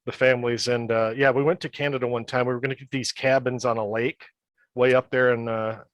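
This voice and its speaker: A man's voice: mid-range voice, little pitch movement, a little fast, no echo, muffled recording. A man in his fifties, a guest on a podcast, telling casual stories with restarts and laughter. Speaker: podcast guest, metal band member. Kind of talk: casual storytelling chat.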